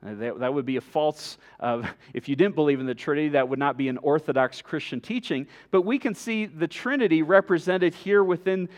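A man preaching from the pulpit with an earnest, emphatic delivery. His voice sits high for a man, and he lets his points land with measured pauses. He sounds middle-aged. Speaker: pastor. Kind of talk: sermon.

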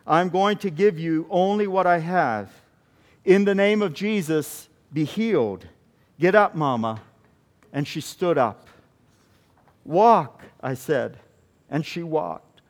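A man with a high voice preaches in a storytelling way. He retells a testimony, often stopping and restarting his phrases. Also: expressive, takes it slowly, long pauses. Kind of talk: sermon storytelling.

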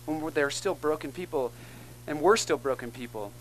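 A man delivering an earnest, emphatic sermon. His voice sits a bit high for a man, with a faint hum behind it. He checks in with his listeners as he builds each point. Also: normal speed, poor audio. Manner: earnest, emphatic preaching with call-and-response asides. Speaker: pastor.

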